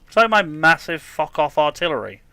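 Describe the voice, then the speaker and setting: Bright-voiced brash swearing man. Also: fairly high pitch, very animated, moderate pace, smooth. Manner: brash, swears freely, joking. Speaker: podcast co-host playing a video game. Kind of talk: casual chat with live gameplay commentary.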